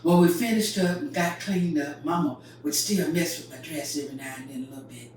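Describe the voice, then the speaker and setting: A woman's voice: low-pitched, brisk, a little mellow. An older woman from North Carolina, telling a story in a folksy, vivid way. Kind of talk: oral storytelling. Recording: very echoey, distant mic, faint noise.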